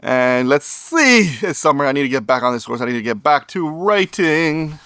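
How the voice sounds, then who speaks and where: A man telling a story straight to camera in a casual, sarcastic tone, chuckling between lines. His voice sits a little high for a man. The sound is dry and close, with no room echo. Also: expressive, normal speed, pushed and bright. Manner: wry, sarcastic, laughs through his story. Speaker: vlogger.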